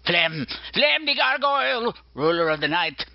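Brief: a bratty male gargoyle, put on by a man, boastful and insulting, middle pitch, dull dry recording. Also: sing-song, a little slow, vocal fry, no room sound, full character voice. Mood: mocking. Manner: mocking, insulting, rambling and self-important. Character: rude, boastful male gargoyle, mischievous rebel.

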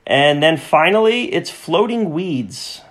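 A man's voice: on the high side, animated, takes it slowly, a bit bright. A man hosting a casual film podcast, rambling and repeating words as he runs through a list of old movies, tripping over foreign titles. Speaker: podcast host.

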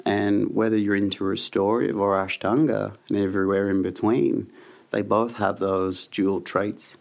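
A man's voice: lowish voice, flat delivery, moderate pace, creaky, darkish tone. A man, a yoga teacher speaking as an interview guest, frank and laid-back as he tells stories. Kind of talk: casual interview chat.

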